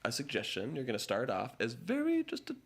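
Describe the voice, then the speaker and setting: A man's voice: mid-range voice, huge pitch swings, a little fast. A man hosting a live improv stream, casually explaining the rules of a game with plenty of fillers.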